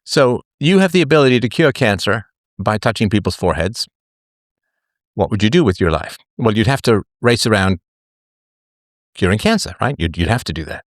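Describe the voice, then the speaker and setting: A man's voice: on the low side, sing-song, normal speed, dry recording. A middle-aged man hosting a live talk show, musing aloud in a jokey way, full of fillers and restarts. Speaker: host.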